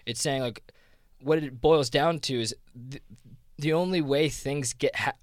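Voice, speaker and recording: A man's voice: mid-range voice, measured pace, no room sound, studio quality. A man with a South Jersey accent talking casually, rambling with lots of fillers and restarts. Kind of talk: casual conversation.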